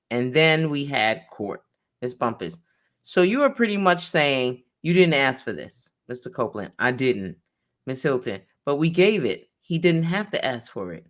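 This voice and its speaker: A woman's voice: a bass voice, fairly bright tone. Woman attorney reading out a transcript. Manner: reads each speaker's name before their line. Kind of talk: reading a court transcript aloud, explaining it.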